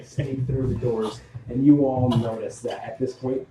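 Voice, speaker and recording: A man's voice: mid-range voice, steady tone, unhurried, roomy sound, recorded from a distance, background noise. A man running a tabletop game as game master, narrating a scene casually with lots of likes and ums.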